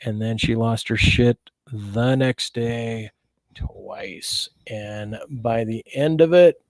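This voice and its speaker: A man's voice: medium pitch, takes it slowly, a little mellow, dry recording. A man telling personal stories in a casual, rambling monologue, swearing freely and often breaking off mid-sentence. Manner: profane, rambling, self-interrupting storyteller.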